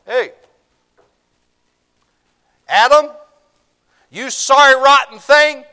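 A man's voice: medium pitch, lively intonation, moderate pace. A man voicing God, calling out for Adam in the garden during a sermon. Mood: bellowing. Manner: loud, bellowing call.

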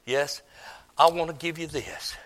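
A man voicing a gentle young shepherd, calm and earnest. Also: on the high side, measured pace, long reverb tail.

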